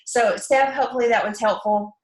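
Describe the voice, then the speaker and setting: A woman's voice: a little high, fairly quick. Upbeat Southern woman from Alabama. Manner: chatty, upbeat, drawling with frequent fillers. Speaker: network marketing presenter. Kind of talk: casual training talk. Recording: echoey room.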